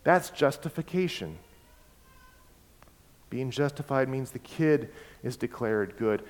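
A man preaching a sermon, emphatic and repeating key words, swinging between loud and soft. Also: mid-range voice, animated, slow pace, pauses often. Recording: long hall reverb.

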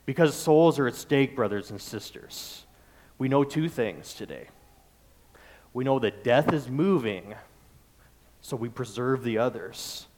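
A man's voice: mid-range voice, expressive, unhurried, pauses often, darkish tone. A male pastor preaching a sermon, building his points through repeated phrases and lists.

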